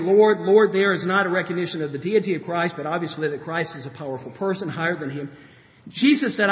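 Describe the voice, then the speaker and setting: Man, preacher, sermon, lively storytelling, long echo of a church hall. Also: high voice. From grew up on a farm. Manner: animated storytelling, acts out Bible characters, chuckles. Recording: dull lo-fi sound with long hall reverb.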